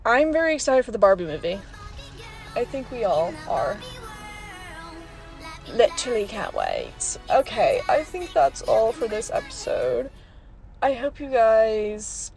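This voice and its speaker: A woman's voice: a little high, creaky, darkish tone. Chatty young woman podcasting from a car. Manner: rambling, chatty, laughing often. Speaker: podcast host. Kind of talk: casual chat. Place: parked car.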